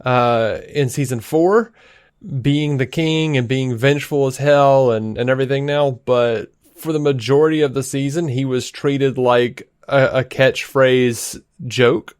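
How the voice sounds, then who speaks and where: Podcast guy pushing back hard, mid pitch, swears a bit, dead dry mic. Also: unhurried, clear, resonant tone, no room sound. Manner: animated, argumentative, swears casually. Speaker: podcast co-host. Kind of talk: casual debate.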